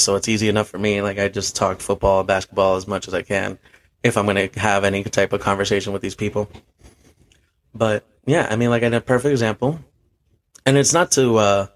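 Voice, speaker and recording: A young man, a bartender and podcast host, telling a rambling story in casual, profane chat and laughing at himself. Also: fairly low pitch.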